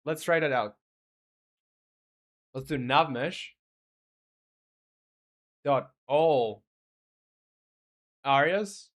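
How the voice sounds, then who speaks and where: This man, a game developer streaming live and not a native speaker of English, mulls over his code out loud and talks with viewers haltingly, using many fillers. His pitch is on the high side.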